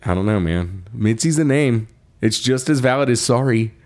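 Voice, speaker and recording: A man co-hosting a podcast, casually retelling a story, laughing often and acting out the characters' lines in quick quoted voices. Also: mid-range voice, expressive, a little mellow. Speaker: podcast co-host.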